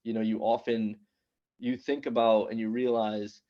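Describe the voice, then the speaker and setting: A man in his thirties, an immigrant raised in New York City, telling a stand-up comedy story with punchy, animated delivery and quick asides to the crowd. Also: fairly low pitch, dull audio. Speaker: stand-up comedian at open mic.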